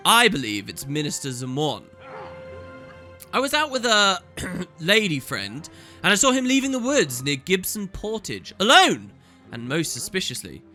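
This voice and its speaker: A man doing a smooth roguish young noble. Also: high-pitched, huge pitch swings, a little slow, bright, forceful tone, faint music behind, heavily acted.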